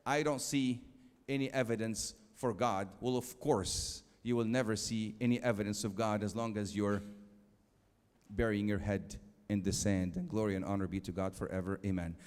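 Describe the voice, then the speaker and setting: A man giving a church youth lecture, emphatic, slowing down for quotes and asking the audience questions. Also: fairly low pitch, fairly even intonation, a little mellow, clear, resonant tone. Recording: long hall reverb.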